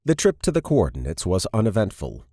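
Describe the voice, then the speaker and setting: Male audiobook narrator, very low voice, lively delivery, dry studio sound. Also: a little fast, no room sound. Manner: steady storytelling, varied character reads. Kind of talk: scripted narration.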